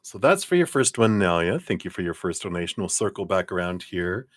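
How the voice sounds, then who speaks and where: A man with a low, deep voice reads tarot cards in a loose, conversational way. He sounds encouraging and thinks aloud with easy fillers. The sound is close and dry, with no room around it. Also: big pitch swings, a little fast, dry recording. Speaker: tarot card reader. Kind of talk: casual live tarot reading.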